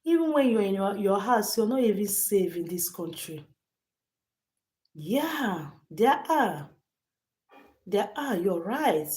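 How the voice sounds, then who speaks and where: A woman's voice: mid-range voice, very animated, slow, pauses often, a little mellow. A woman hosting a livestream, telling a story to her chat emphatically and repeating phrases often. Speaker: livestream host.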